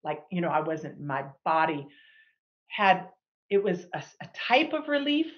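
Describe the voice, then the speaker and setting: A middle-aged woman sharing a personal healing testimony as a guest, animated and acting out the people she quotes. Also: on the low side, a little slow, dull audio. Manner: animated, acts out quoted dialogue.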